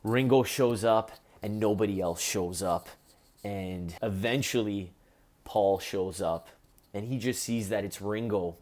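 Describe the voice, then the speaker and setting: Earnest low-voiced man. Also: takes it slowly, darkish tone. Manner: earnest, heartfelt, gets choked up. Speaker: musician reviewing a documentary. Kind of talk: casual talk to camera.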